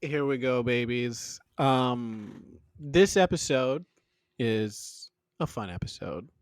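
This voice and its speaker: A man's voice: medium pitch, slow, no room sound, studio quality. A man co-hosting a podcast, recapping an episode in a playful, chatty way. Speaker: podcast co-host giving show recaps. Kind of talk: casual chat.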